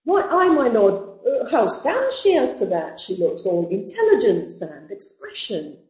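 Woman reading as a gushing young gentleman. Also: fairly high pitch, big pitch swings, measured pace. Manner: gushing, exclaiming. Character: excitable young male gentleman admirer. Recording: dull roomy sound.

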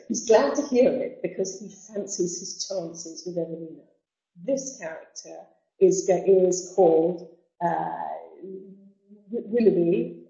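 Mellow-voiced woman teaching literature. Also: on the low side. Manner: explanatory, with asides and restarts. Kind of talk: explaining a novel in a lesson. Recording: dull roomy sound.

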